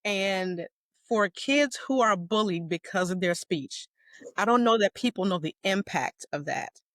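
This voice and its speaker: A woman in her forties who stutters, telling her story as a guest in an interview with warm laughter and emphasis. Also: mid-range voice, animated, unhurried, no echo. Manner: stutters with repeated sounds and words. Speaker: guest, educator.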